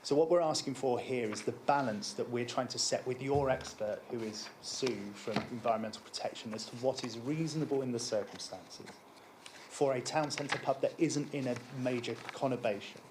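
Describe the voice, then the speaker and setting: A man's voice: medium pitch, noisy background. Man explaining at a council hearing. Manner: measured, repeats words when starting sentences. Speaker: applicant at a licensing hearing.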